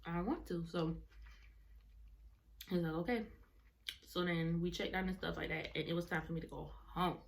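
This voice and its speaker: A woman's voice: fairly low pitch, flat delivery, a little fast, creaky, long pauses, slight background noise. A young adult woman vlogger telling a personal story in casual, rambling talk, often correcting herself mid-sentence. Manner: rambling, self-correcting, colloquial.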